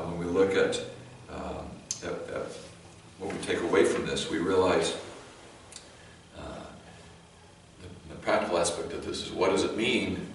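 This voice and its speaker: Low-voiced Californian pastor in an echoey church. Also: male voice. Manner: conversational, with halting restarts and light joking. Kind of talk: sermon. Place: church sanctuary. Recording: very echoey hall, mic far off, faint noise.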